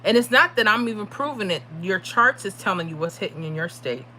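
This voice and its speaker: A woman's voice: medium pitch, lively intonation, a little fast, bright, forceful tone, slight background noise. A tired woman hosting a casual livestream, chatting and reading out viewer comments. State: tired from little sleep. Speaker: livestream host giving lottery predictions.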